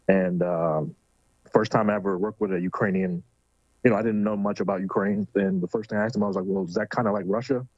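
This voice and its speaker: Low husky guy on a talk show, lots of uhs, muffled sound. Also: flat delivery, fast, darkish tone, no room sound. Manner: hesitant, lots of fillers. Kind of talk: casual political talk show chat.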